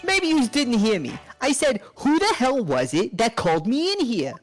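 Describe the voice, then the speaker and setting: A woman voicing a gruff, jumpy male mob tough in a put-on Brooklyn tough-guy drawl while reading game dialogue on stream. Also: fairly high pitch, very animated, normal speed, soft background music. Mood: menacing.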